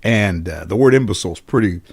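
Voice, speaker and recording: Husky, low and fast, a middle-aged Los Angeles-area talk show host spins funny tales from his childhood. His storytelling is animated, with free swearing.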